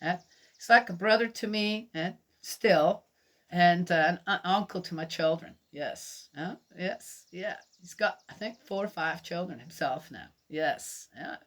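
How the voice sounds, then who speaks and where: A woman's voice: lowish voice, a little slow, fairly bright tone. A middle-aged woman from Switzerland teaching a Bible lesson, telling personal stories in a chatty, laughing way and asking her listeners questions. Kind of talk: storytelling sermon.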